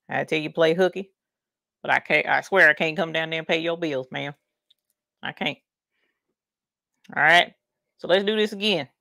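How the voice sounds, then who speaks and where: Woman, Southern US accent, folksy livestream chatter, bright forceful tone, dry close sound. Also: fairly low pitch, creaky, no room sound. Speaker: livestream craft host. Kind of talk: casual livestream chat.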